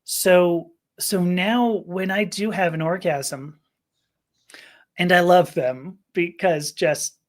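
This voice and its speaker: A woman's voice: on the low side, slow. A woman guest on a podcast, telling a personal story candidly, often stammering, laughing and restarting her sentences.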